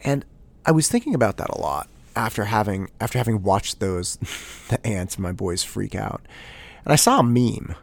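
A man in his thirties hosting a casual solo podcast, telling a story in an animated way with many restarts. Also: on the low side, normal speed, creaky. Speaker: podcast host.

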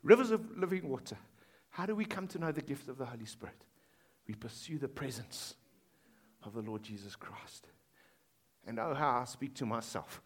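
A man preaching a sermon in a school hall, shifting between loud emphatic lines and hushed quoted lines. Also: mid-range voice, lively intonation, moderate pace, long pauses. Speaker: pastor.

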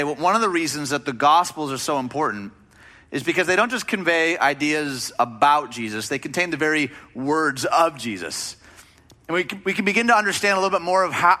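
Bright-voiced male pastor preaching. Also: on the high side. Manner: conversational and emphatic, with rhetorical questions. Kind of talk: sermon.

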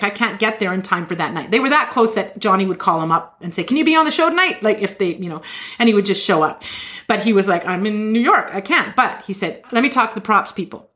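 Lady podcaster spinning a yarn, super animated, voices the quotes. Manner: animated, acts out quotes with shifting pitch. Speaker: podcast host. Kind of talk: casual storytelling chat.

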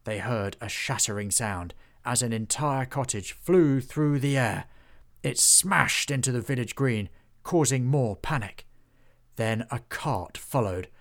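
Male storyteller, mid pitch with a gravelly edge, measured reading. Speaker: author and narrator. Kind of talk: storybook narration.

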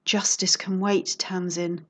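A woman's voice: on the low side, flat delivery, slow pace. A woman voicing a bold female private investigator with a smug, teasing and sultry manner.

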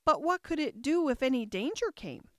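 A woman's voice: sits high, sing-song, moderate pace, fairly bright tone, dry recording, studio quality, voice pushed up. A woman voicing a polite, earnest, curious young girl in a storybook reading.

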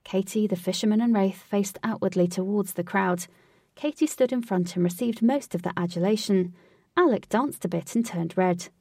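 A woman narrating a storybook in an even, clear reading voice at a middle pitch. The recording is dry with little room sound. The mic sits slightly away from her. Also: normal speed, dry recording, distant mic.

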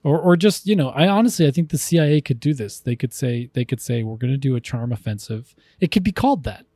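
A man's voice: medium pitch, animated, fast talker, mellow, dry recording, clean studio sound. A man co-hosting a podcast, chatting casually, rambling and enthusiastic with frequent restarts. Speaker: podcast co-host. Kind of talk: casual chat.

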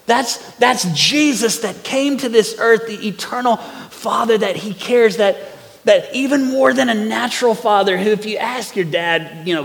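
A man in his forties preaching a sermon in a church, animated, swinging from loud to hushed. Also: sits high, moderate pace. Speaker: pastor. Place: church sanctuary. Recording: long hall reverb.

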